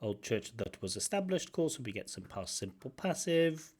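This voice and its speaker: A man giving feedback as a language-test examiner, explaining points in an animated way and humming out intonation patterns. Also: medium pitch, moderate pace, husky. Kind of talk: commentary on a recorded test.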